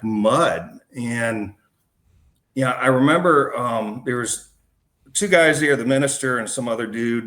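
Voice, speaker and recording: A man's voice: mid-range voice, a bit bright. A man, a podcast guest, recounting a personal story in a casual, slangy way. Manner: casual and slangy, calling the host man and dude.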